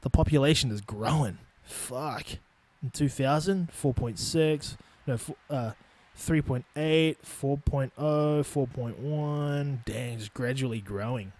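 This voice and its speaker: A man's voice: medium pitch, takes it slowly, a little mellow. Ranting New Zealand guy, sweary. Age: 20s. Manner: profane, blunt and ranting. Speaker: podcast host. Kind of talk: solo podcast rant. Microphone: studio microphone.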